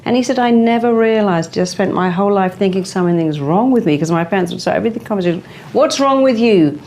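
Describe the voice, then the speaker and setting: A middle-aged woman psychotherapist talking in an interview, emphatic and animated, often acting out the voices of clients and the inner critic. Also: mid-range voice, fast, a little hiss or hum. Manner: animated, acts out quoted voices and inner thoughts; emphatic, stresses strong words. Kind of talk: interview conversation.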